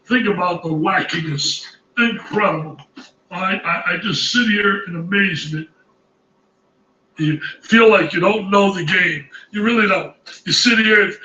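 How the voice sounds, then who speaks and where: A man's voice: high voice, sharp tone, reverberant, far from the mic, poor audio. A man reacting as a college basketball analyst, exclaiming emphatically and repeating his phrases in disbelief. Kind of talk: excited studio reaction commentary.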